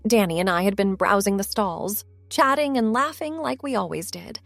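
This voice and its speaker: A woman telling a first-person story in a soft, intimate narrating manner. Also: mid-range voice, normal speed, vocal fry, no room sound, faint music behind.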